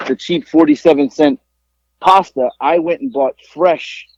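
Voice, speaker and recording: A man's voice: fairly high pitch, a little slow, no echo, dull audio. A man co-hosting a podcast who calls in while out shopping. He chats casually, teasing himself and rambling with lots of restarts. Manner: self-deprecating, rambling with restarts. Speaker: podcast co-host. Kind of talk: casual banter. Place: out shopping, calling in by phone.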